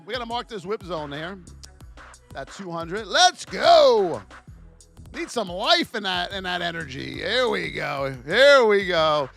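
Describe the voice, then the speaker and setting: Loud, high-voiced man hyping stock charts. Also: big pitch swings, measured pace, vocal fry, faint music behind. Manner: loud, joking, greets chat viewers by name. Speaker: trading educator and livestream host. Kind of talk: energetic live market commentary.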